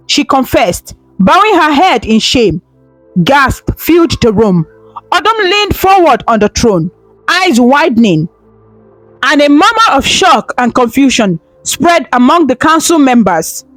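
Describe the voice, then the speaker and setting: Slow, lively-voiced woman storyteller. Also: high voice, no echo, faint music behind, low-quality recording. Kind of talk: folktale narration.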